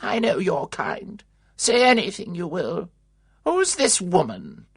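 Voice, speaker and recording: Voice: medium pitch, huge pitch swings, takes it slowly, breathy edge, no room sound, clean studio sound, pitched above the performer's own voice, heavily acted. A reader doing a tart, imperious old aunt. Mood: scornful. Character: sharp, disapproving elderly aunt in bed.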